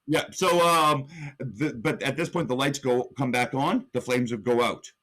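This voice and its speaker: A young man co-hosting a podcast recounts an imagined match move by move, his voice leaping up suddenly to build hype. He has a medium-pitched, fairly bright voice and a moderate pace.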